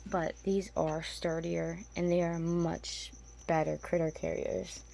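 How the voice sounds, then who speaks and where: A woman's voice: lowish voice, level tone, takes it slowly, gravelly, warm tone. A woman chatting casually to camera about keeping tarantulas, rambling and restarting as she goes, and cooing to her spiders now and then. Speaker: tarantula keeper vlogger. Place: home room with spider enclosures. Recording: faint insect noise behind.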